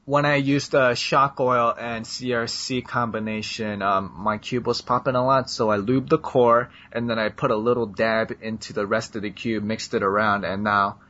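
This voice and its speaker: A man's voice: medium pitch, fairly even intonation, normal speed, few pauses, sharp tone. A man co-hosting a podcast, chatting casually and rambling with lots of fillers and laughs. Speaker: podcast co-host. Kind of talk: casual chat. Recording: dull lo-fi sound.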